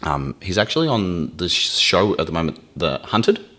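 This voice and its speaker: A man's voice: low voice, sing-song, moderate pace, fairly bright tone. A man speaking candidly as a podcast guest, emotional and swearing freely, acting out his inner voice. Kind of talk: candid conversation.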